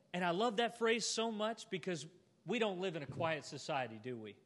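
A man preaching a sermon to a church congregation, earnest and heartfelt, ending in a gentle invitation. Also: high-pitched, sing-song, fairly quick. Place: church auditorium. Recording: long hall reverb.

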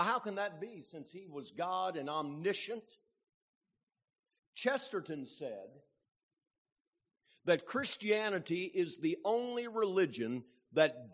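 Male preacher, high voice, unhurried sermon delivery, hall echo. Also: fairly bright tone. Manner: slow, deliberate preaching with rhetorical questions. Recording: long hall reverb.

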